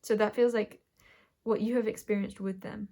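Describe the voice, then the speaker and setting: Woman, tarot reader, mid-range voice, slow and musing delivery with frequent pauses. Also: medium pitch, steady tone, warm tone. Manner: musing, halting, talks while drawing cards. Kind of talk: collective tarot reading.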